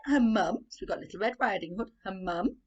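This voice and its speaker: A woman reading a story aloud for a children's playgroup, animated and sing-song, asking the little ones questions. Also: medium pitch, fairly quick, highs cut off.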